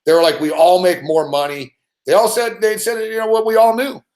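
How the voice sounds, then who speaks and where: A man's voice: high voice, level tone, a little fast, darkish tone. A middle-aged man hosting a sports betting show, swearing constantly as he rants and tells stories, acting out the other people in them. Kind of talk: profane casual rant.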